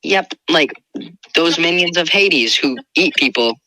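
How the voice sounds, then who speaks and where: A woman's voice: deep voice, animated, measured pace, sharp tone, a little hiss or hum, poor audio. A teenage girl co-hosting a casual podcast, retelling a story with playful sarcasm. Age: teens. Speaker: podcast co-host. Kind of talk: casual chat.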